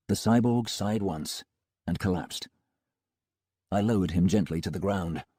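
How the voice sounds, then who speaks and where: Male audiobook narrator, low husky voice, expressive, dry close sound. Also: no echo. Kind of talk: first-person audiobook narration.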